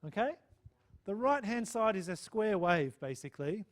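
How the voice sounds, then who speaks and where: Male math lecturer, high-pitched, chatty and checking in with the class. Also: expressive, normal speed. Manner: chatty, checks in with "okay?" and "right?". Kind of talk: live lecture with student questions.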